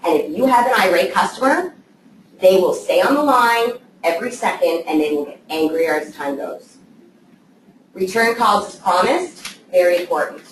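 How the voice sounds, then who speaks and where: A woman's voice: on the low side, lively intonation, moderate pace. A woman giving a casual training talk to a live group of assistants, checking in with them often. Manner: conversational, checks in with "okay?". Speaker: trainer for real estate assistants. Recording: echoey room, voice from far off, faint noise.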